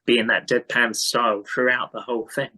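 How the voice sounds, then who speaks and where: Man, bright voice, casual podcast chat, easygoing. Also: mid-range voice, little pitch movement, a little fast, rough recording. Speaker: podcast co-host.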